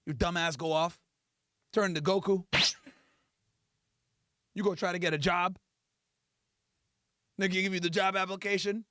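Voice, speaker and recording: A man's voice: high-pitched, steady tone, a little slow, long pauses, a bit bright, smooth, dry recording, clean studio sound. A male podcast host telling a profane comedic rant in a mocking, crude storytelling manner.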